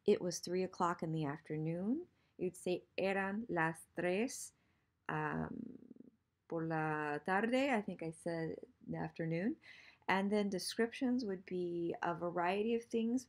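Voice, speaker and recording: Lower-voiced woman teaching grammar. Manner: patient, repeats examples slowly. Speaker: Spanish teacher. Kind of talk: online grammar lesson.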